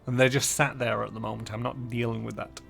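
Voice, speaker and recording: Gravelly guy streaming a game, mumbling stats, faint music behind. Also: medium pitch, little pitch movement, fast talker, fairly bright tone. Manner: muttering through menus and numbers. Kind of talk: casual gameplay commentary.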